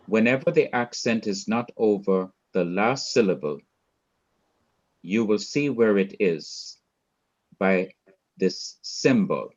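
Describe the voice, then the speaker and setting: Slow, patient male teacher. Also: fairly low pitch, muffled recording. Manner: patient, repeats and rephrases points. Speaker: Hebrew teacher. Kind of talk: classroom lecture.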